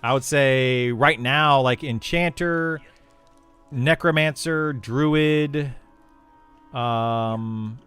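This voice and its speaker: A man's voice: medium pitch, drawn-out words, a bit bright, clean tone, faint music behind. A young man streaming a game and chatting casually with viewers, rambling with lots of fillers and restarts. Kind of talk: casual livestream chat with viewers.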